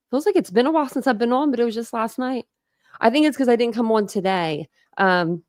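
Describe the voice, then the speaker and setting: A woman's voice: mid-range voice, a little mellow, no room sound, clean studio sound. A woman hosting a casual true crime livestream, chatting, greeting viewers and laughing often from her home. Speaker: true crime channel host.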